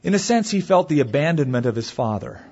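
A man preaching a sermon to a congregation, reading scripture aloud and expounding it with dramatic pauses. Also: fairly high pitch, sing-song, darkish tone, slightly rough. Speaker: pastor. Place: church or hall before a congregation. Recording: dull lo-fi recording with long hall reverb.

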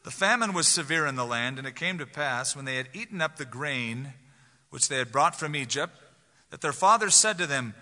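A man's voice: medium pitch, animated, moderate pace, pushed and bright. A man preaching a sermon as pastor, talking to the congregation conversationally and acting out quoted voices. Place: large church sanctuary. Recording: long hall reverb.

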